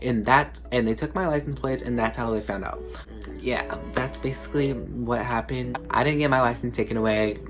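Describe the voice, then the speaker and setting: This teenage vlogger speaks at normal speed with a medium-pitched voice, rambling through a laid-back storytime full of fillers and "like." Music plays clearly beneath him.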